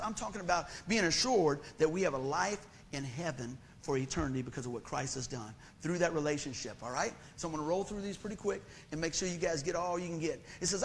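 A man's voice: fairly high pitch, a little hiss or hum. A middle-aged preacher man, preaching a sermon in a folksy, conversational storytelling way.

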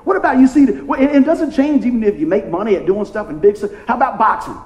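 Pastor, man, high voice, chatty call-and-response preaching, roomy echo. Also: animated, quick pace, darkish tone. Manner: playful, call-and-response preaching with frequent "amen?". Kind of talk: sermon.

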